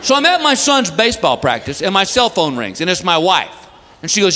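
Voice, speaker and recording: A middle-aged man doing a stand-up comedy routine on stage, animated and shouting exasperated punchlines. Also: high voice, brisk, in a large hall, noisy background. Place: comedy club stage with audience. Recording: live club recording with crowd laughter.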